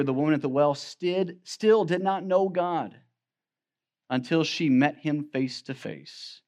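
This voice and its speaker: Preacher guy, highish voice, earnest sermon, quotes old bible wording. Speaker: pastor.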